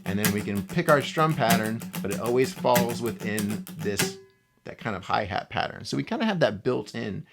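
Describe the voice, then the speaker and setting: A man teaching a casual guitar lesson, speaking in a relaxed way and often checking in with the viewer. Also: on the low side, moderate pace, vocal fry. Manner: relaxed, talks to the viewer with frequent "right?" and "okay?". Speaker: guitar instructor.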